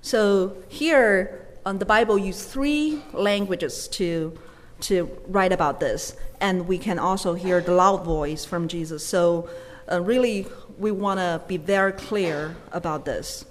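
A woman interpreting a sermon live, quick phrases with fillers and self-corrections. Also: on the low side, big-room sound, slight background noise.

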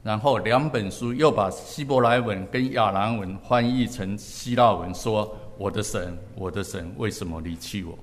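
A man preaching a sermon in short, measured phrases, pausing so his words can be interpreted. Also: fairly low pitch, in a large hall. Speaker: pastor.

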